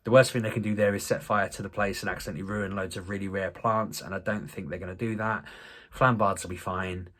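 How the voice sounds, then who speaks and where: A man's voice: lowish voice, fairly even intonation, quick pace, a bit bright. A man, talking casually to camera in a rambling, self-deprecating way with many restarts. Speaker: vlogger. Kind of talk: casual vlog talk to camera.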